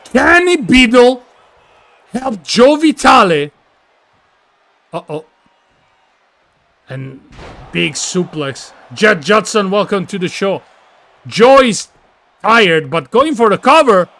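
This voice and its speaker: A man calling a video game wrestling match with excitable, yelling play-by-play and slips in English grammar. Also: high-pitched, slow pace, long pauses. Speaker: commentator and wrestler persona.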